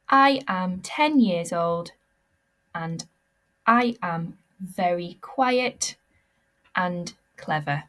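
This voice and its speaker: A woman teacher giving a recorded language lesson, modelling words slowly and clearly for pupils to repeat. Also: on the low side, animated, fairly bright tone.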